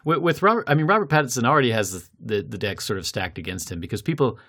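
A man's voice: mid-range voice, expressive, fairly bright tone. Thoughtful male podcast host. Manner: thoughtful, measured, laughs between points. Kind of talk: casual podcast chat.

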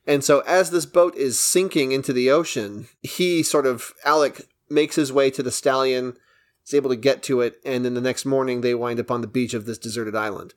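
A man co-hosting a casual film podcast, walking through a movie's story with obvious enthusiasm. His voice sits at an ordinary middle pitch, and he keeps the plot retelling going at length. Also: steady tone, moderate pace. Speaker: podcast co-host. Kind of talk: casual film review chat.

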